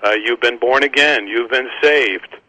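A man's voice: medium pitch, no room sound, low-quality recording. A man hosting a casual conversation about Christian books, talking with many restarts and repeated words. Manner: halting, many restarts, warm laughter. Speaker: Christian book publisher and podcast host.

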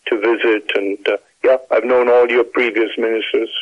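A retired Welsh pastor in his eighties with a slight mid-Atlantic tinge, speaking in a measured, hesitant way full of fillers. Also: medium pitch, level tone, no room sound, phone-quality sound. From Wales. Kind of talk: reflective conversational interview.

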